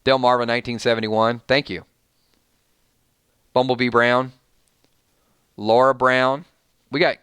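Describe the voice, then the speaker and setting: Chatty Southern man reading shout-outs. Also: medium pitch, clean tone, dry recording. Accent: Southern American. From Georgia, US. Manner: chatty, reads viewer names, rambling restarts. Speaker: streamer host. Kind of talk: casual live-stream chat.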